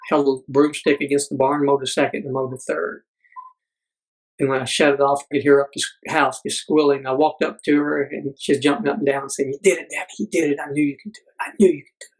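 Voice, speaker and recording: Middle-aged male guest, husky tone, earnest storyteller with restarts. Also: fairly high pitch, low-quality recording. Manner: earnest, frequent restarts, acts out quoted dialogue. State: blind military veteran. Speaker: podcast guest. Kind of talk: personal storytelling in conversation.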